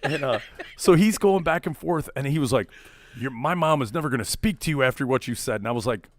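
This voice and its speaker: Male co-host, mid-pitched, animated storyteller who throws his voice into quotes; dry close mic. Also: a little fast, no echo. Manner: animated, acts out quotes loudly. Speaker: podcast co-host. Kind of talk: casual storytelling chat.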